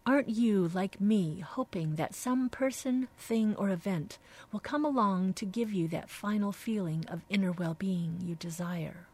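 A woman radio host reading aloud from a devotional book in a slow, reflective, soft-spoken way, dropping now and then into hushed phrases. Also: mid-range voice, slightly rough.

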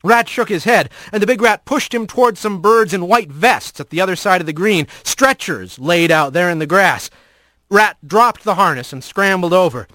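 Male narrator, high bright voice, dry close sound, lively storybook read. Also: moderate pace, no echo. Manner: vivid, varied reading.

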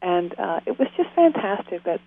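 A woman's voice: mid-range voice, big pitch swings, moderate pace. A woman speaking as an author and interview guest, talking earnestly and from the heart. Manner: earnest, heartfelt, prone to tears and laughter. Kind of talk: emotional interview conversation. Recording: tinny phone line.

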